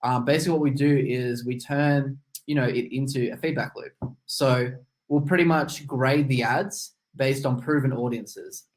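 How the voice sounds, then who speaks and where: A man's voice: medium pitch, normal speed, poor audio. A man presenting casually on a video call, explaining steps with many fillers, his mouth numb from a tooth extraction. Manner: relaxed, filler-heavy explaining. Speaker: webinar presenter. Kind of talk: casual screen-share presentation.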